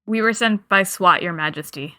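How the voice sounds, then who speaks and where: Bright-voiced woman playing a tabletop game. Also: lowish voice, normal speed. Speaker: player.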